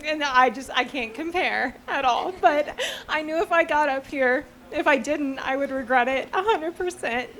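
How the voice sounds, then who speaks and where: A woman's voice: high-pitched, normal speed, a bit bright. A young woman giving an emotional, tearful and laughing rehearsal dinner toast to her close friend.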